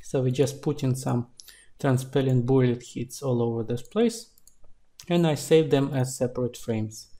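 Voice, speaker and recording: A man, an indie game developer, narrating a screen-recorded tutorial in a relaxed, explaining way. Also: medium pitch, a little slow.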